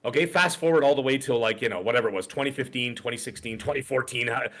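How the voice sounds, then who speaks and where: This middle-aged man co-hosts a podcast at a desk microphone, talking fast with a medium pitch and a fairly bright tone. In loose, casual conversation he wanders through anecdotes, acting out the voices of whoever he's quoting.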